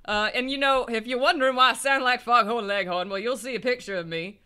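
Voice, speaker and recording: A let's play co-host with a Southern US accent rambles and jokes through his gameplay commentary, laughing often and poking fun at himself. His voice is very high, pushed and bright, with a clean tone and a slightly fast delivery.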